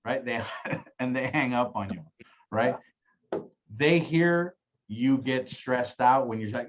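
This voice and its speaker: With long pauses and a slow delivery, an insurance agency director casually coaches colleagues on booking phone appointments, role-playing calls and ending points with "right?" His voice is mid-range, and the recording has its highs cut off plus a little hiss or hum.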